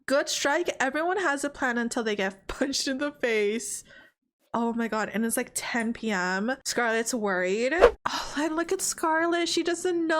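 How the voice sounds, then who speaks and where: Excitable young woman commenting on gameplay. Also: high-pitched, measured pace. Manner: excitable, exclaiming. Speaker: gaming streamer. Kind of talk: let's play commentary.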